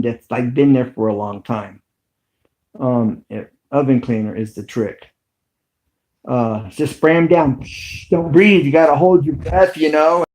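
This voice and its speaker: A man's voice: mid-range voice, mellow. A middle-aged man hosting a casual livestream, rambling and chatty, with frequent ums and restarts. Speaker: video host.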